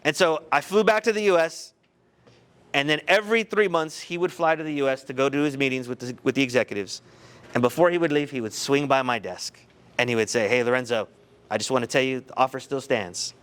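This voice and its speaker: A man giving a motivational talk to high school students, telling a personal story in an animated, conversational way. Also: fairly quick, clean tone. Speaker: guest speaker.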